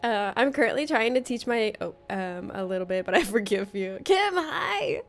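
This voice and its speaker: A woman's voice: mid-range voice, fairly even intonation, fairly quick, faint music behind. A woman hosting a casual livestream from a room at home, reading out viewer comments in a playful, teasing way and laughing often. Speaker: livestream host.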